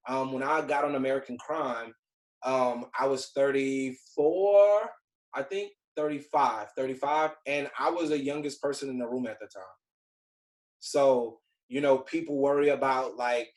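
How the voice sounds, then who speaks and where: A man's voice: medium pitch, a little slow, echoey room, low-quality recording. A man in his forties with a Southern US accent, a TV writer casually telling a group about his career in a laid-back, rambling way, with lots of "like". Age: 40s. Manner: chatty, laid-back storytelling full of "like" fillers. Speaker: TV writer sharing career advice.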